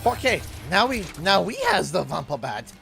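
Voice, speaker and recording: A man's voice: on the high side, moderate pace, creaky. A young Canadian man giving casual, jokey livestream commentary while he plays, talking to his chat. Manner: excitable, jokey, talks to chat. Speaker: streamer.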